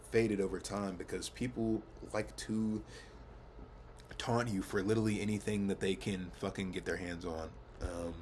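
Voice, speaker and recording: A man's voice: sits low, a little hiss or hum. A young man rambling casually to camera, laid-back, swearing often and laughing at himself. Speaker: vlogger. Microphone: camera mic.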